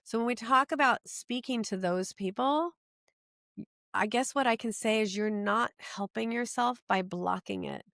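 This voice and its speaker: A middle-aged woman, a podcast guest, telling her personal story in an earnest, animated way. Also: a little high, moderate pace, creaky, dry recording, clean studio sound.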